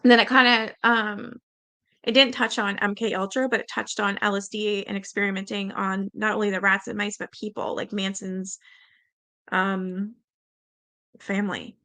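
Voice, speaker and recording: A Canadian woman hosts a livestream in a medium-pitched, bright, forceful voice with flat delivery at normal speed. She reads aloud and chats loosely with viewers, swearing freely and laughing often.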